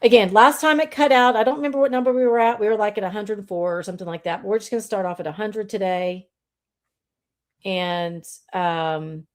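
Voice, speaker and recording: A woman hosts a relaxed live stream. She rambles in a friendly, conversational way and keeps addressing her audience as y'all. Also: medium pitch, brisk. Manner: chatty, greets viewers, says y'all. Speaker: livestream host. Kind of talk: casual live stream chat.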